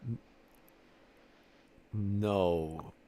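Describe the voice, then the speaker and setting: Talking very slowly in a low, warm voice with fairly even intonation, a Sicilian man chats casually online. He loops through a meandering argument, swearing liberally while acting out both sides of a pretend exchange.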